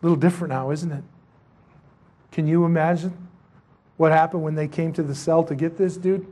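A man's voice: steady tone, brisk, dark tone. A man preaching a sermon who tells the story dramatically, acting out scenes and rising to emphatic peaks. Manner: rises to emphatic high-pitched peaks.

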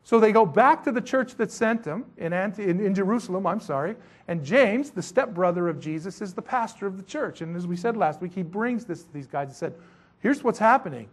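High-voiced man teaching a Bible chapter. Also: a little fast, hardly any pauses. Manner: conversational, animated, slangy asides. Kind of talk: casual sermon.

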